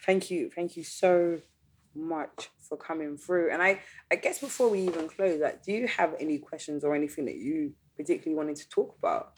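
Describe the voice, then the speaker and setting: Casual podcast host, a woman with a low, husky voice and a playful, slangy delivery. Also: a little fast. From Caribbean heritage. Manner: chatty, playful, slang-laced.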